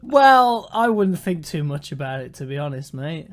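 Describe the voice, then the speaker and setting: A man's voice: on the high side, big pitch swings, normal speed. A young man, co-hosting a podcast in a joking, teasing way. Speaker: podcast co-host. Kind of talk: casual chat.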